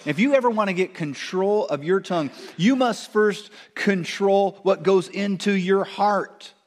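A middle-aged male pastor delivering a sermon with an animated, fairly high voice. He swells louder when acting out quotes, then drops back to a quieter, conversational tone, often restarting his words mid-phrase. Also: unhurried. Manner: animated preaching, rising loud on quoted lines, frequent restarts.

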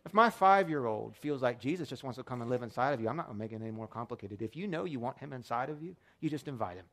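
A man's voice: mid-range voice, expressive, fast talker, a bit bright. A man preaching a sermon as pastor, telling stories in a casual, lightly humorous way. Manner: conversational storytelling with light humor.

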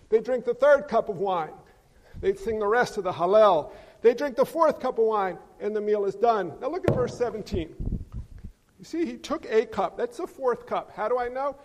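A man preaching a sermon as pastor, joking and quizzing his congregation. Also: high-pitched. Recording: long reverb of a large hall.

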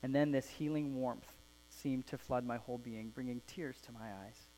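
Male pastor, mid-pitched, earnest sermon delivery with soft phrase endings, faint mains hum. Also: steady tone, moderate pace, rough recording. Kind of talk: sermon with a read-aloud story. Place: church.

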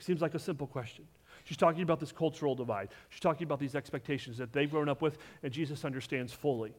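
A man preaching a sermon to his congregation, animated, asking them questions directly and swinging between loud emphasis and hushed asides. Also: on the high side, quick pace. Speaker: pastor.

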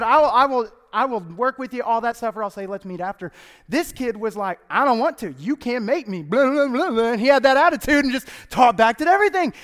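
Speaking in a smooth, high voice with a fairly bright tone, a man preaches a casual, joking sermon as a youth pastor. The church sanctuary gives the recording an echoey feel, and he laughs often as he chats playfully.

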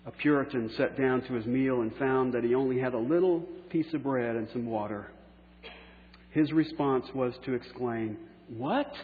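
A pastor preaching a sermon, slowing down for key phrases and letting line endings trail off softly. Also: male voice, medium pitch. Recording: echoey hall on a tinny phone-like line.

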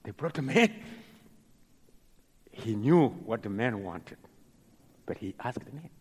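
With a lively, husky mid-range voice, this male preacher storytells through a sermon, playing each character dramatically while halting and repeating words. The recording has long hall reverb.

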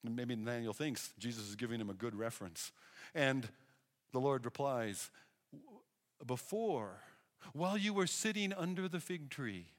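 A man preaching a sermon, telling Bible stories in an animated way and acting out the people he quotes. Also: medium pitch, moderate pace. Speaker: pastor. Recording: long hall reverb.

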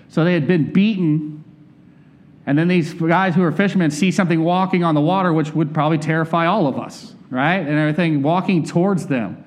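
A man preaching a conversational sermon, candid and personal, often turning to ask his listeners questions. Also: on the high side.

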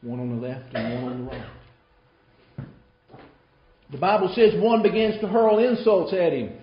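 A man delivers a sermon with dramatic storytelling, leaning hard on some lines and dropping to a near hush on others. The sound is muffled and roomy, like a live recording in a church hall. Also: fairly high pitch, animated, normal speed. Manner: dramatic storytelling, swings between loud and hushed. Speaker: preacher.

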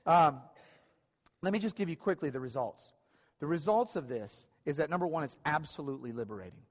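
Man preaching in a reverberant hall. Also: fairly high pitch. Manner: conversational, many restarts and repeated phrases. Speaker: pastor. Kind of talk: sermon. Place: church hall.

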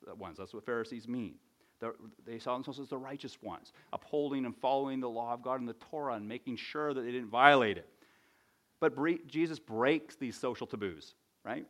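A man's voice: a little high, bright, forceful tone. Conversational male preacher. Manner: conversational teaching with frequent "right?" asides. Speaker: pastor. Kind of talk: sermon.

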